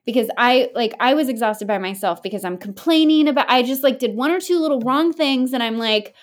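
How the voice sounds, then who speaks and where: A woman's voice: a little high, expressive, fairly quick. Earnest woman telling a rambling story. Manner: earnest, rambling storytelling with many restarts and fillers; blunt, swears casually. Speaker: podcast guest. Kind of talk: candid conversational interview.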